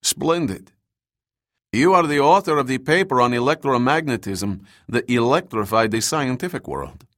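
A man's voice: medium pitch, lively intonation, normal speed, a bit bright, dry recording, studio quality, natural voice. A man reading the lines of a Soviet agent who speaks with mocking, genial politeness. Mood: genial menace.

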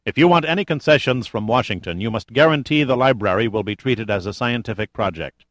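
A man's voice: medium pitch, expressive, brisk, fairly bright tone, no echo, close to an everyday voice. A male narrator voicing a defiant, sarcastic male adventurer who talks bluntly and casually.

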